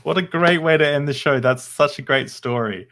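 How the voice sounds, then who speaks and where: A man's voice: fairly high pitch, normal speed, fairly bright tone. A man hosting a podcast interview, chatting casually, laughing often and stopping on fillers. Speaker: podcast host.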